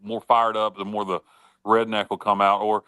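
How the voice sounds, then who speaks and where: A man with a Southern US accent, co-hosting a casual sports talk show in a jokey, animated way. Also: fairly low pitch, normal speed, smooth, no room sound. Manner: animated, jokey, repeats words when worked up.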